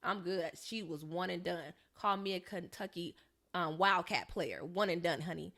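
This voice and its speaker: Speaking at a moderate pace in a lowish voice, a young podcast co-host from Southern California tells a casual story. She's animated and performs the voices of whoever she quotes.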